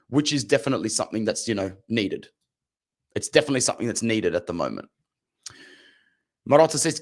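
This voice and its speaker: A man hosts his own fan channel in a casual reaction style. His voice sits a little low. He talks bluntly and chattily and tends to say a phrase twice.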